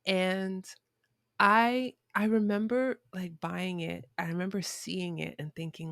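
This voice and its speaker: Gravelly-voiced woman telling a story. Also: lowish voice, steady tone, slow, a bit bright, dry recording, clean studio sound. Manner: reflective, frequent restarts and fillers. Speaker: podcast guest. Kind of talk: conversational storytelling.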